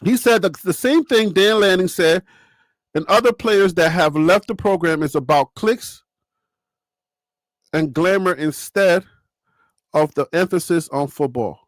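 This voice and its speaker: High-pitched guy doing sports talk on his stream, animated, laughing at chat, dry close mic. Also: unhurried, long pauses, no room sound. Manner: animated, talks straight to viewers and chat, laughs often. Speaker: sports channel host. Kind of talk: casual live-stream commentary.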